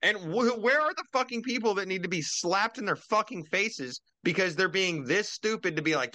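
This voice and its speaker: A young man co-hosting a podcast over a video call, ranting and swearing in casual chat, jumping into loud mocking quotes. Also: sits high, animated, normal speed, hardly any pauses, dry recording. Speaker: podcast co-host.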